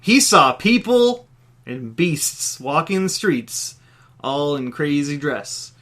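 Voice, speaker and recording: Bright-voiced man reading a goofy story. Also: on the high side, lively intonation, takes it slowly. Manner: self-interrupting, laughing at his own jokes. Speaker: podcast host and storyteller. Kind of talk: reading his own comedic story aloud.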